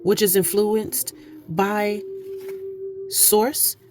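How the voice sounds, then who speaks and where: A woman's voice: mid-range voice, fairly even intonation, extremely slow, over music. A woman giving an oracle card reading, earnest and preachy, repeating phrases for emphasis. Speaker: spiritual card reader. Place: indoor room, candles lit.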